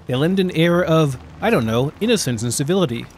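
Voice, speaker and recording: A man's voice: on the high side, expressive, a little fast, a little mellow, slight background noise, close to an everyday voice. A man voicing an aging, weary emperor who mutters and growls his complaints while reading a game book aloud. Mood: grumbling. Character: weary aging male emperor, grumbling and petulant.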